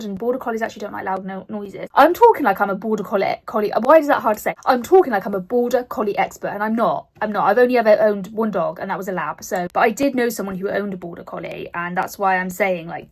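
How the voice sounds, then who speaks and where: A woman in her late twenties talks casually to camera as a book vlogger, rambling and poking fun at herself. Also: medium pitch. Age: 20s. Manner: rambling, self-deprecating, chatty.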